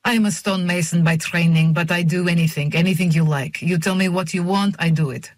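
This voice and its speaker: A man's voice: high-pitched, fairly even intonation, brisk, no room sound, close to an everyday voice. A narrator voicing a solemn, formal young man with a thick foreign accent, a wandering stonemason who speaks in simple phrases. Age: young adult. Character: thin, solemn young male drifter and stonemason. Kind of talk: audiobook character voice.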